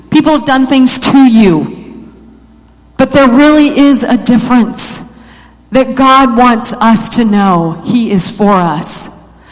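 A woman giving a sermon to a congregation, talking casually, asking the room questions and building into loud, repeated exhortations. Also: on the high side. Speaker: church speaker. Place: church sanctuary with congregation. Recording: long reverb of a large hall.

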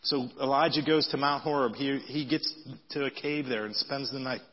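A man preaching a sermon in a conversational style, reading scripture aloud with lively emphasis. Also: mid-range voice, moderate pace. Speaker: pastor. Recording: dull audio with long hall reverb.

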